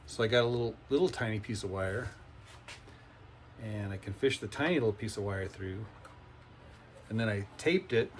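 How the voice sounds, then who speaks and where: A man's voice: lowish voice, slight background noise. A man casually showing off a homemade cigar box guitar, chatty and rambling, often restarting his sentences. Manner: chatty, rambling, self-correcting. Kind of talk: casual workshop demonstration. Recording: guitar music playing behind.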